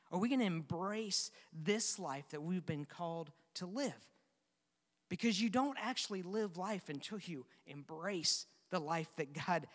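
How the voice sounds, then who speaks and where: A pastor with a notably high voice delivers a sermon, moving between casual storytelling and pointed rhetorical questions. His words ring out with a long reverb that hangs in the large hall.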